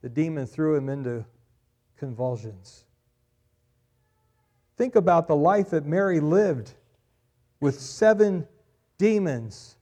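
A male pastor preaching a sermon, swelling loud on key phrases and dropping quiet after them. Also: on the high side, slow pace, pauses often.

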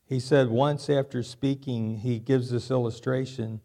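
A male pastor delivers a sermon in a voice of ordinary pitch for a man. He works through rhetorical questions and often says a key line twice. His preaching moves at a measured pace. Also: steady tone, dark tone. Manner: repeats key lines, asks rhetorical questions.

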